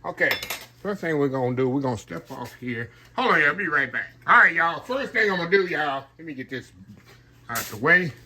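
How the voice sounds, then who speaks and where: Older man, folksy home-kitchen cooking host, bright, slightly high voice. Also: expressive, a little fast, slight background noise. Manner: chatty, folksy, addresses viewers as y'all. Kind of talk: casual cooking demonstration.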